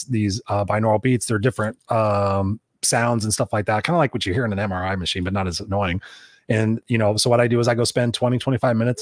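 A man's voice: lowish voice, no echo, clean studio sound. A man co-hosting a podcast, chatting casually, telling rambling personal stories with a bit of swearing. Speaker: podcast co-host and coach.

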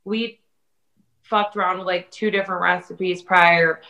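A woman with a bright, sharp voice chats casually over a video call. She tells animated stories as a guest chef. She swears freely and slips into quick imitations of her family. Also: on the low side, lo-fi sound.

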